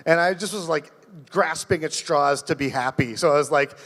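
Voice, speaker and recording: A man from Canada doing a rambling, self-deprecating stand-up set, halting and restarting, on a live comedy stage. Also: on the high side, fairly bright tone, big-room sound.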